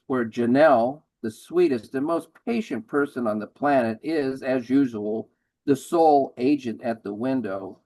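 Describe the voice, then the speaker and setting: Guy in his 70s reading his own poems, deadpan funny, middle-pitched voice. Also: poor audio. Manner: dry, wry delivery of humorous verse. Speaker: featured poet. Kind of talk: poetry reading.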